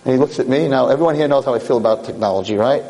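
A man, a rabbi, giving an animated and emotional sermon full of personal stories, often repeating himself when excited. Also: medium pitch, racing. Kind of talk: sermon with storytelling. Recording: long hall reverb.

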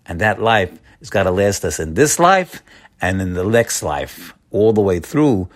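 A man's voice: low voice, very animated, a little slow. A man giving an informal Torah talk as a religious teacher. He speaks in a folksy way, repeats his key points, often addresses his listeners as friends, and frequently stops and restarts his sentences. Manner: hesitant restarts and stammered repetitions.

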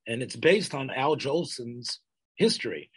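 An older man telling a community history in an oral history interview, halting and restarting often, sprinkling in Yiddish and Hebrew terms. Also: mid-range voice, animated, a bit bright, slightly rough, rough recording.

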